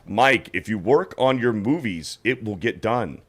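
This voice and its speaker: Bright-voiced man reading super chats. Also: on the low side, animated, a little slow. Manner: reads donor messages aloud, wry asides. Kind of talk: casual livestream chat.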